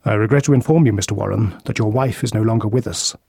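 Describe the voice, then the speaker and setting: A man doing a calm, incisive detective. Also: a little high, moderate pace, gravelly, breathy edge, no echo, clean studio sound, heavily acted. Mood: measured. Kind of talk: audiobook character voice.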